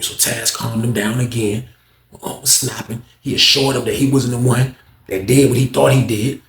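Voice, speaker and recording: A man telling a casual story in animated slang, acting out the voices. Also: medium pitch, normal speed. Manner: animated, slangy, acts out every voice. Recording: roomy echo.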